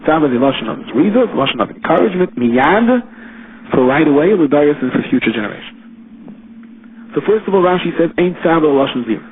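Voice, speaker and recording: A man, a rabbi, giving a Torah lecture in an explanatory way, his pitch rising on his examples. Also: lively intonation, brisk. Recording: tinny phone-line recording with faint hiss.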